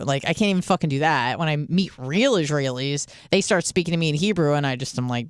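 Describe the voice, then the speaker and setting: A woman's voice: low-pitched, lively intonation, fairly quick, few pauses, smooth, dry recording, studio quality. A woman in her thirties from the United States hosting a radio show, telling rambling stories with lots of swearing and quoted asides. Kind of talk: casual radio monologue.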